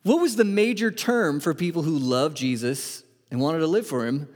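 A pastor with a somewhat high, slightly mellow voice preaches a conversational sermon at moderate pace in a church sanctuary with long hall reverb. He poses many rhetorical questions to his listeners and often restarts words.

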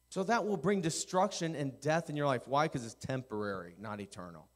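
A middle-aged male pastor preaching a sermon, swinging from quiet intensity to loud, animated storytelling. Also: medium pitch, a little fast, hardly any pauses.

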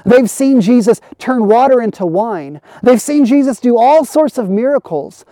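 Mellow-voiced pastor preaching an earnest sermon. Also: medium pitch, expressive, normal speed, dry recording, clean studio sound. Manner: earnest, builds through repeated phrases. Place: online church service.

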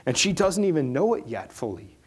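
A middle-aged man, a pastor, preaching an earnest sermon that rises to loud, high-pitched emphasis at its peaks. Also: big pitch swings, brisk, husky.

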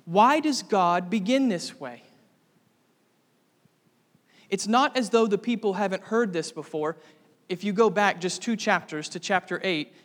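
High-voiced preacher in a reverberant hall. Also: male voice. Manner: earnest preaching, rising to fervent emphasis. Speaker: pastor. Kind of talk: sermon.

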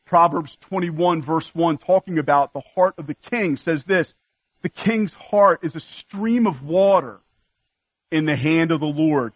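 Earnest preaching man, slightly high voice. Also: measured pace, no echo, lo-fi sound. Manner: earnest preaching, ticking off verse references. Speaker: pastor. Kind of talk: sermon.

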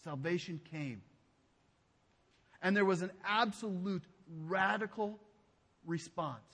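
High-voiced pastor preaching in a hall. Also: male voice, slow. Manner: emphatic preaching, drops to a hushed low voice on key phrases. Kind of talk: sermon. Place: church sanctuary.

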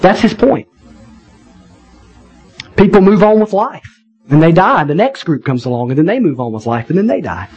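Animated, high-voiced male preacher. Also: moderate pace, long pauses, breathy edge, muffled recording. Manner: conversational, animated preaching with wry asides. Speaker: pastor. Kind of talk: sermon.

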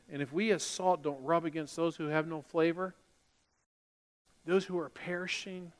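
A man with a high voice delivers a sermon from the pulpit as pastor. He builds his points with rising emphasis and now and then mimics a churchgoer's voice. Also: fairly bright tone, in a large hall.

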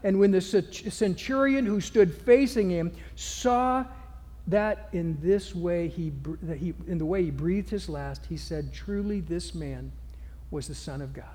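High-voiced guy preaching, goes from soft almost whisper to loud, big hall echo. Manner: preaching with sweeping swings from hushed to loud. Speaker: pastor. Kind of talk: sermon.

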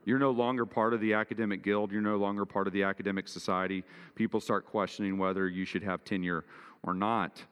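Male pastor, low voice, earnest sermon delivery that climbs for emphasis; church reverb. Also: a bit bright, clean tone. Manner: earnest preaching, rising in pitch and force for emphasis.

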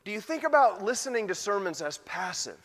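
A man's voice: high voice, very animated, a little fast, fairly bright tone, in a large hall. A man preaching a sermon and putting rhetorical questions to his congregation. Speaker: pastor.

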